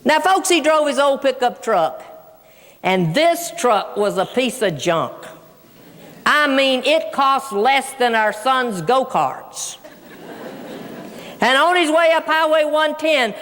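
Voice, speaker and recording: A woman's voice: high-pitched, a bit bright. A woman giving a humorous storytelling speech to a large audience. She talks folksy and keeps addressing them as folks. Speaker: keynote speaker. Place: large auditorium. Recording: long hall reverb.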